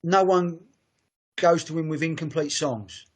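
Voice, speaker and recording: Male podcast co-host, slightly high voice, enthusiastic and profane. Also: a little slow. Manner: sweary, enthusiastic, rambling. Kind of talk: casual chat.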